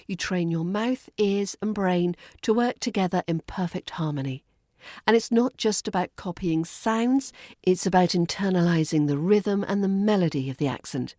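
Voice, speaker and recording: A woman with a British RP accent, teaching pronunciation in a playful podcast lesson and slowly modelling words. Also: medium pitch, a little mellow, no room sound, clean studio sound. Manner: crisp, playful teaching with slow demonstrated words. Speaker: accent coach.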